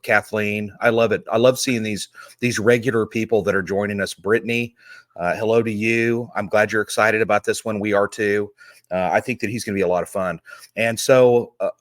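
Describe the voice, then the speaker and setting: Low-voiced man hosting a live chat. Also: no room sound. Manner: rambling, friendly, greets viewers by name. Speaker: host; homicide detective. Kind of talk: casual live-stream chat.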